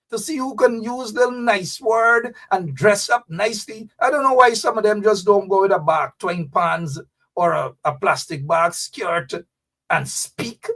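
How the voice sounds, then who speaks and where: A man's voice: sits high, a bit bright, distant mic. A man hosting fiery, mocking political commentary, talking straight to his audience. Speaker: host.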